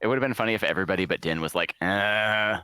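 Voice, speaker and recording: Male podcast co-host, lowish voice, dry sound, talks in loose halting bursts. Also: animated, bright, forceful tone, clean tone, dry recording. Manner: rambling, halting restarts. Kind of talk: casual chat.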